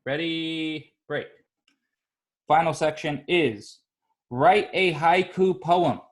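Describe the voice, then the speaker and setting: A male elementary school teacher leading a class of young children, upbeat and encouraging, sounding out syllables slowly. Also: fairly high pitch.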